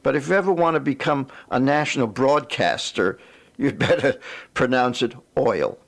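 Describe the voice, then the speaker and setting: A man with a Boston accent talks through a phonics lesson in a relaxed, joking manner. His voice is gravelly with some fry, and his pitch moves up and down a lot as he explains. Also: moderate pace. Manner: chatty, lightly joking. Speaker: reading teacher.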